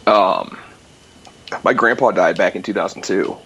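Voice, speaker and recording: A man's voice: low-pitched, fairly bright tone, breathy edge. A young man calling in, telling a ghost story in a rambling, casual way with lots of fillers. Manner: rambling, many fillers, quick. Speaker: guest musician calling in. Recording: dull lo-fi call-in line.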